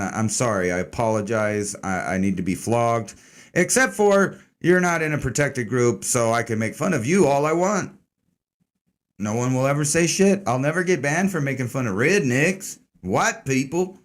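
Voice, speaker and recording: Male stream host, sarcastic and rambling, swears freely, mid-pitched. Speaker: host of an online news commentary stream. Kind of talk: casual profane news commentary.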